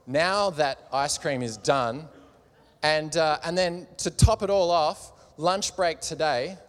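A man's voice: a little high, slow, fairly bright tone. A man doing a glum friend moaning about a bad week. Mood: exasperated. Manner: rambling, sorry for himself. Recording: long hall reverb.

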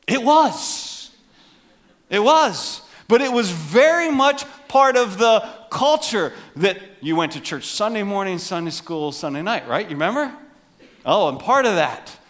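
Animated high-voiced man preaching. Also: normal speed. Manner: animated, acts out voices for emphasis. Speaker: pastor. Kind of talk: sermon.

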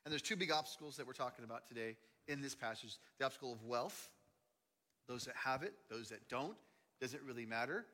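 A man preaching a sermon as a pastor, telling stories animatedly, swinging between loud and hushed delivery. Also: medium pitch, brisk. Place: large church auditorium. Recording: long hall reverb.

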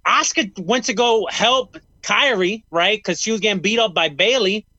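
A man's voice: high voice, moderate pace, bright, forceful tone, breathy edge, no room sound, highs cut off. A man co-hosting a casual talk show, ranting bluntly and swearing freely. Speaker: podcast co-host. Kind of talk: casual chat.

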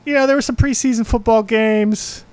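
A male radio host bantering on a casual sports talk show, quick to laugh. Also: extremely high pitch, fairly even intonation, a little mellow, clean tone, no room sound.

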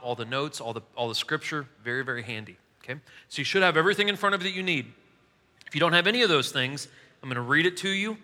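A man with a raised, bright voice delivers a relaxed, joking sermon. He talks to the congregation casually and pokes fun at his own stories. The sound carries a long reverb from a big church hall. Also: fairly high pitch. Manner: chatty, self-mocking, laughs at his own stories. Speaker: preacher.

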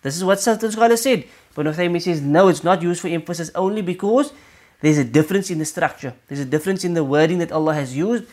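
A male teacher giving an explanatory religious lesson. He often checks in with the listener and recites short Arabic verses quickly between his explanations. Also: a little high, darkish tone. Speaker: teacher of Quranic interpretation.

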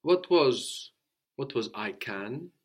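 A man teaching a French lesson, with a voice of ordinary pitch. He explains patiently and repeats short phrases so his student can copy them. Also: lively intonation, takes it slowly. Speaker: language teacher.

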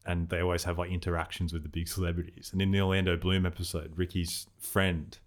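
A man with a very deep voice talks quickly in a relaxed film chat. He is chatty and eager to retell scenes.

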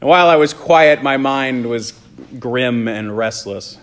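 A man, a pastor, delivering an earnest sermon and telling a personal story, slowing down on key phrases. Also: mid-range voice. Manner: earnest storytelling, slows for emphasis.

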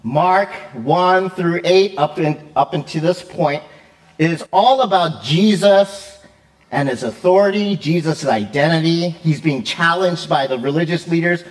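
A man preaching in a relaxed, talkative way, his voice sitting a little higher than most men's. He keeps checking in with his listeners, stumbles and restarts, and slips in plenty of fillers as he goes. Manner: lively, chatty, often checks in with "right?"; quick, with fillers and self-corrections. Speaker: pastor. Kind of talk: conversational sermon.

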